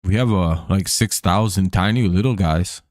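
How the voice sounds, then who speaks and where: A man's voice: low voice, a little mellow, no room sound, studio quality, lightly acted. A man putting on a folksy Minnesotan drawl. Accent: put-on Minnesota. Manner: drawn-out, slow and folksy. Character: exaggerated small-town Minnesotan man, folksy.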